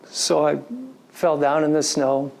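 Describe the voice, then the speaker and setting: A man giving a storytelling lecture to an audience, recounting a personal story in an animated way and slipping into quoted dialogue. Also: fairly high pitch, slow pace, creaky. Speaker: story coach.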